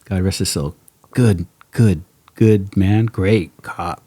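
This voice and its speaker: Middle-aged male host, low husky voice, dry close sound, animated storyteller. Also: slow, no echo. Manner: animated storyteller, acts out quotes, laughs often. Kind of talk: casual storytelling chat.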